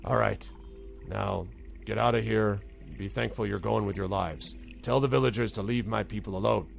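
A man voicing a gruff, wary male goblin chief who speaks curtly and grudgingly. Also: on the low side, steady tone, moderate pace, faint music behind.

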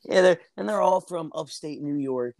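A man's voice: on the high side, moderate pace, a little mellow, no echo. A man from New Jersey, a podcast guest, telling stories in casual chat with restarts and easy laughs, recorded at an outdoor barbecue on earbuds. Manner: storytelling, restarts, laughs easily.

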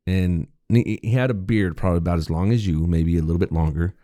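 A young adult man, a podcast co-host, telling a story in casual chat, profane and animated, laughing often. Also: low-pitched, quick pace, no room sound, studio quality.

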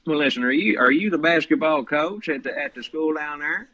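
A man's voice: fairly high pitch, normal speed, a bit bright, muffled recording. A man voicing a folksy male prank caller in an exaggerated hick voice, rambling on. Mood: folksy complaining. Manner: exaggerated hick voice, rambling, says "see, listen".

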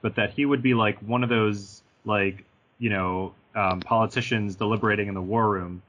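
A man in a casual podcast chat, talking in a wry, unhurried way. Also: on the low side, steady tone, fairly bright tone, highs cut off, slight background noise. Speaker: podcast co-host.

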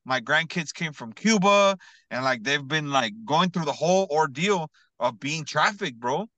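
A frustrated grandfather stammers out his troubles, as a man retells them in his own voice. The words come halting and repeated, flustered rather than angry. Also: a little high, lively intonation, pushed and bright, dry recording.

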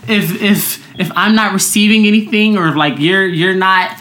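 A young woman with a hoarse voice, co-hosting a casual chat and telling stories with lively acted-out quotes. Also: moderate pace. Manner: animated storyteller, acts out quotes in high voices. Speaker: podcast co-host.

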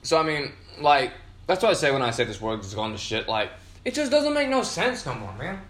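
A man's voice: medium pitch, big pitch swings, brisk, a bit bright. Tipsy young man rambling, roomy echo. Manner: profane, meandering, frequent fillers. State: tipsy from beer. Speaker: podcast host. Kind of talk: rambling casual monologue.

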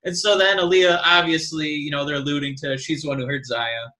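A man with a bright, forceful, fairly high voice rambles through a casual chat, jumping into animated bits. The room around him rings with echo. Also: fairly quick. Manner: rambling, animated, mock-crying impressions. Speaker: podcast co-host.

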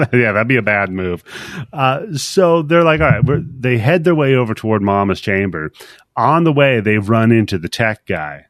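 A man's voice: medium pitch, expressive, normal speed, no echo. A man hosting a podcast, recapping a film in a rambling, joking way and acting out the characters' lines. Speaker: podcast host. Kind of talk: casual movie recap chat.

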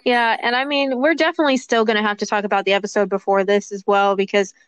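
A woman's voice: medium pitch, fairly even intonation, fast talker, smooth, no room sound. A woman chatting as a podcast co-host over a speakerphone call, easygoing and musing, laughing often. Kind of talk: casual fan chat.

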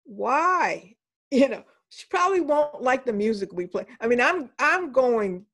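An older woman with a slightly high voice tells stories from her teaching life in a relaxed interview. She is animated and slips into the voices of children and teachers as she goes. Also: moderate pace. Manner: animated anecdotes, voices the people she quotes. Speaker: professor and interview guest. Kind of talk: storytelling in a conversational interview.

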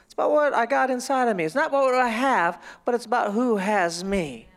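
High-voiced animated male preacher. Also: a little fast, vocal fry. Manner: animated storytelling, playful asides. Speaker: pastor. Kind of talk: sermon. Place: church sanctuary.

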